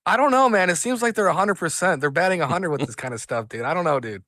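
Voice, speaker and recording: A man's voice: high voice, lively intonation, quick pace, bright, forceful tone, dry recording. A man co-hosting a podcast, chatting in a laid-back way and saying dude often. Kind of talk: casual political chat.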